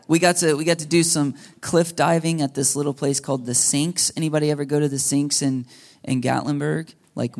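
Pastor in his thirties, male, casual storytelling sermon, chatty, mid-pitched, talks to the room. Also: vocal fry, a little mellow. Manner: casual, chatty, asks the audience questions. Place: church hall before a congregation.

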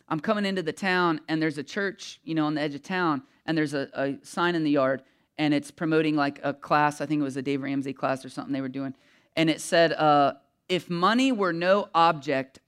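A man's voice: a little high, a bit bright, clear, resonant tone. A man preaching a sermon in a candid, conversational way, full of asides and fillers, who gets emotional as he speaks. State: emotional, voice catching. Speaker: pastor.

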